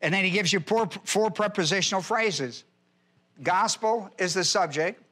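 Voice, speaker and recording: A man's voice: high voice, moderate pace, sharp tone. A male pastor teaching a Bible class verse by verse, emphatic, repeating key phrases and quizzing his listeners.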